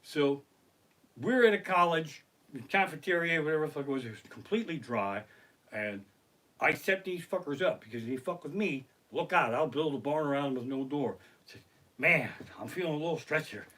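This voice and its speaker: A man's voice: fairly high pitch, moderate pace. A middle-aged man doing profane stand-up storytelling on a live stream from his living room, acting out the other people in his stories. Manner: profane, animated, acts out other people's lines. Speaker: stand-up comedian. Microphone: basic home streaming mic.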